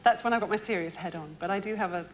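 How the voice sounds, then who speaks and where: A woman's voice: mid-range voice, racing, a little hiss or hum. Giggly woman contestant from Nottingham. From Nottingham, England. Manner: giggly, chatty and rambling. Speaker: game show contestant. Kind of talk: TV game show chat.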